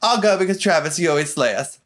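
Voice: mid-range voice, animated, a bit bright. Brief: playful host of a pop-culture gossip show, teasing co-hosts. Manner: playful, teasing, quick to laugh.

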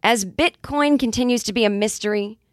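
A woman in her forties hosting a comedy podcast, telling a casual monologue in a chatty, wry way with quick acted-out asides. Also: a little high, no room sound, studio quality. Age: 40s. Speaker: podcast host.

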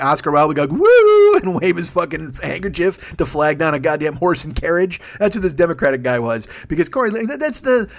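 A man who is a comedian hosting his podcast, ranting furiously and profanely. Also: a little high. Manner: profane, furious, rapid-fire. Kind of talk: angry comedic rant.

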